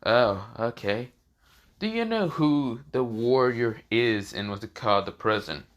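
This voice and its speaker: A man's voice: medium pitch, lively intonation, a little slow, muffled recording, natural voice. Orochimaru, a man doing a sly snake ninja.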